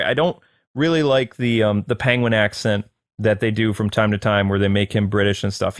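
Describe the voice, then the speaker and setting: Dry, chatty male movie reviewer. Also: no echo. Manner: rambling, many fillers, excited pitch jumps. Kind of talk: casual spoken review.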